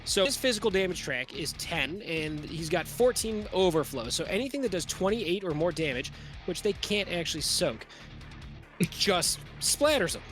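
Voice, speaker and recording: A man's voice: high voice, expressive, normal speed, a bit bright, soft background music. A man as game master, narrating a tabletop game in a casual, vivid, profane way.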